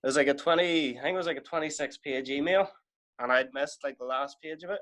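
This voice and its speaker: A man, a professional wrestler guesting on a podcast, telling anecdotes in a casual, animated way. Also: on the high side, fast. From Ireland. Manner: animated, lively anecdote telling with quoted exchanges. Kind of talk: casual storytelling.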